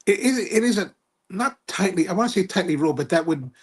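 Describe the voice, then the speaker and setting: A man's voice: high-pitched, lively intonation, fast talker, slightly rough. A man hosting a cigar livestream, chatting casually, reading viewer comments and rambling through stories with lots of self-corrections. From United States. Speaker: cigar review livestream host.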